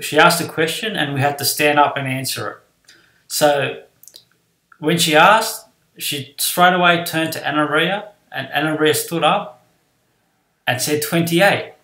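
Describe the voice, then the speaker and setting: Man telling a school story, echoey room. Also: mid-range voice. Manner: animated retelling, acting out voices of classmates and teacher. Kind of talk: personal anecdote.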